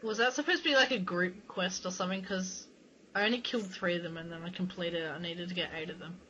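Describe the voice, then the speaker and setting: A man chatting casually while playing a game, excitable, crude and giggling often. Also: high voice, quick pace, lo-fi sound, slight background noise. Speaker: gamer. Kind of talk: casual gameplay chat.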